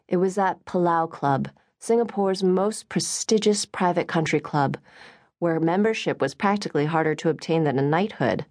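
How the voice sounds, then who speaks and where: A woman narrating an audiobook in an expressive reading voice. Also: low voice, no room sound, clean studio sound.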